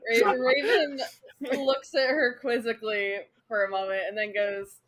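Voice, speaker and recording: A woman's voice: on the high side, steady tone, normal speed, fairly bright tone, low-quality recording. A young woman playing in a tabletop game, laughing often. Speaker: player. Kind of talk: tabletop role-play chat.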